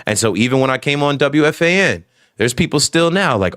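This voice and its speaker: A man's voice: medium pitch, big pitch swings, brisk, a bit bright, no room sound, clean studio sound. Man, ex-radio host as podcast guest; articulate, emphatic, mid-range voice. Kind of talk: casual podcast chat.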